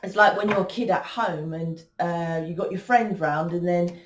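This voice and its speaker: A woman's voice: fairly low pitch, normal speed, reverberant, slight background noise. A woman hosting a spiritual channel, talking casually and rambling with many restarts and fillers. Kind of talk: casual spiritual talk to camera.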